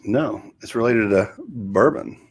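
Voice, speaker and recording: In casual chat on the show he co-hosts, a middle-aged man rambles along easily. His voice is husky and on the low side, and he speaks a little slowly.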